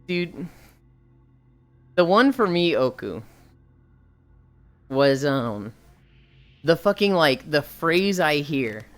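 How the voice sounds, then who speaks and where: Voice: mid-range voice, smooth. A livestreamer chatting casually and reading viewer messages aloud, blunt and sighing often, swearing freely.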